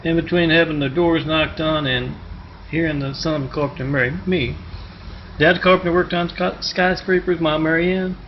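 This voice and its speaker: A man's voice: a little high, fairly even intonation, moderate pace, lo-fi sound, a little hiss or hum. A man telling rambling, digressive stories and parables, recorded on a phone. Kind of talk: rambling spoken storytelling.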